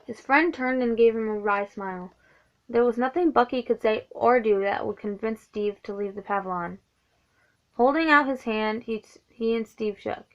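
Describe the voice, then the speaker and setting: Gravelly young woman reading a book. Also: on the high side, moderate pace, dull audio. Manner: stumbles and corrects herself often. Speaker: reader of a book. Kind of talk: reading a novelization aloud.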